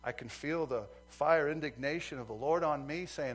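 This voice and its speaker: A male preacher delivering a sermon, swinging from loud fervent outbursts to quiet earnest asides. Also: fairly high pitch, moderate pace, hardly any pauses.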